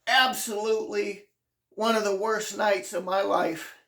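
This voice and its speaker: A host recounting a hard personal memoir at an unhurried, drawn-out pace. The delivery is earnest and halting, with sentences restarting as the emotion surfaces, close to tears at times. The pitch sits in a middle range. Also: steady tone, fairly bright tone, roomy sound. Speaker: channel host.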